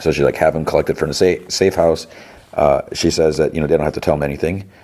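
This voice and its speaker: A podcast host with a very deep, low voice rambles through a TV episode recap, retelling scenes haltingly. His delivery is casual and loose. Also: fairly even intonation, mellow.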